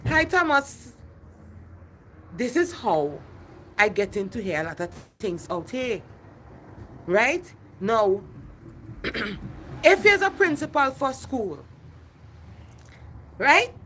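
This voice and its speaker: A woman's voice: a little high, sing-song, slow pace, pauses often, sharp tone, slight background noise. A middle-aged woman, ranting passionately on a phone livestream and repeating herself. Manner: impassioned, repetitive, addresses viewers by name. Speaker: livestream host.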